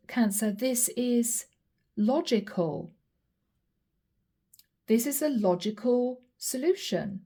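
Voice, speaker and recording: Giggly tarot reader woman, mellow voice. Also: a little high. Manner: laughs often while reading, acts out what the other person says. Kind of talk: channeled tarot reading.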